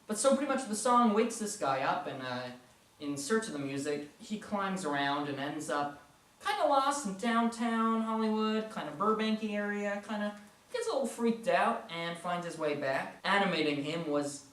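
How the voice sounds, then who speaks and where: A man's voice: a little high, lively intonation, moderate pace, a bit bright, echoey room. A young man giving a casual, enthusiastic tour of his puppets and posters, playful and rambling. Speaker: puppet animator showing his work. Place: room at home with posters and puppets.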